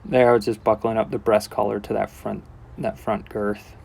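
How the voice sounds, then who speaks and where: A man working as a horse trainer, giving calm, relaxed instructional commentary with casual asides as he works. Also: on the low side, moderate pace, creaky.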